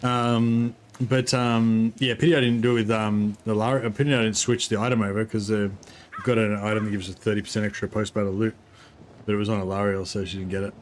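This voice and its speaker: A man giving casual, rambling commentary on his strategy game livestream, halting and talking while eating. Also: lowish voice, flat delivery, a little hiss or hum. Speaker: streamer.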